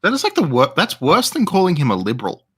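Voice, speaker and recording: A man's voice: a little high, huge pitch swings, fairly bright tone, slightly rough. A man in casual chat who often stops and restarts his sentences. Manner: halting, restarts often, joking.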